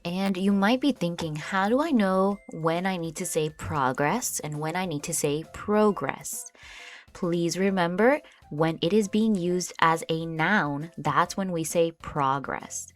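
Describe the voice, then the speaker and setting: Woman teacher, low voice, unhurried and patient, soft music underneath. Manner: patient, explains words step by step with example sentences. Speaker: English vocabulary teacher. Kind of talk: slow, clear vocabulary lesson.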